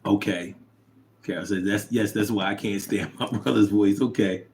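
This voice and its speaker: A man hosting a casual livestream, reading viewer comments aloud and reacting with animated, chat. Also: normal speed, slight background noise. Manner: animated, drops to low mumble reading comments.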